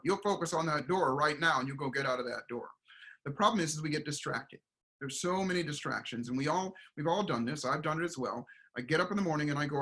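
A middle-aged man and performance coach, talking in a casual interview as an animated storyteller who acts out quoted voices. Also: a little high, fast talker. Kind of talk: casual motivational interview talk.

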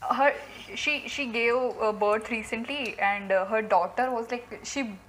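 A woman's voice: on the high side, a little slow, a bit bright, slight background noise, poor audio. A woman chatting casually as a co-host, telling stories eagerly with many restarts and fillers. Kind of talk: casual chat.

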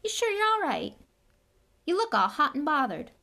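Big gruff groundskeeper, caring, read by a woman. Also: high-pitched, big pitch swings, moderate pace, bright, forceful tone, pitched above the performer's own voice, exaggerated voice. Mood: concerned. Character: huge kindly groundskeeper man.

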